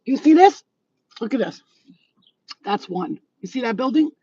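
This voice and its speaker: A woman's voice: a little high, lively intonation, unhurried, dark tone, dull audio, a little hiss or hum. A woman who works as a psychic medium, walking her neighborhood and ranting bluntly with plenty of swearing into a handheld phone. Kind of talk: ranting vlog. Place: outdoors in a residential neighborhood.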